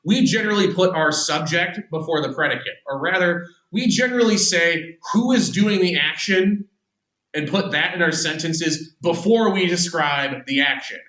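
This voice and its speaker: Bright-voiced man lecturing in an echoey room. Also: fairly high pitch, moderate pace, far from the mic. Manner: conversational, many fillers and restarts. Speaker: English teacher. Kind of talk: classroom lecture.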